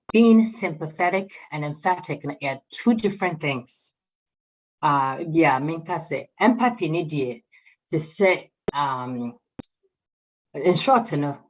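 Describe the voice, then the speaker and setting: A Ghanaian woman explaining ideas on a radio talk program, mixing English and Twi and calling her listener "dear". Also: deep voice. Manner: mixes English and Twi, warm address with "dear". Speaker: radio program guest speaker.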